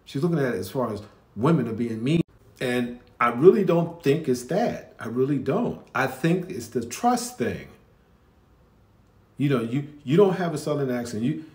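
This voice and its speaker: A man's voice: medium pitch, darkish tone, echoey room. A man with a Northeastern US accent reacting to a video, talking candidly and conversationally, often restarting and repeating himself. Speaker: commentary video host. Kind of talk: reaction commentary.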